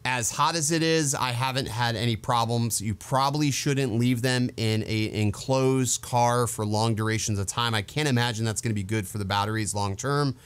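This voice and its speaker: A man hosting a casual gear review, speaking in a mid-pitched, ordinary voice. He is candid and down-to-earth, and he drifts into the occasional aside. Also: normal speed, few pauses, clean tone. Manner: candid, digressive, conversational. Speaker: drone channel host. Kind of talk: casual product review vlog.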